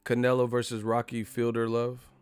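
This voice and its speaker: A man's voice: medium pitch, completely flat delivery, normal speed, smooth, dry recording, soft background music. A man hosting a casual boxing live stream, talking loosely and profanely and reading out viewer messages. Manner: laid-back, profane, reads viewer messages.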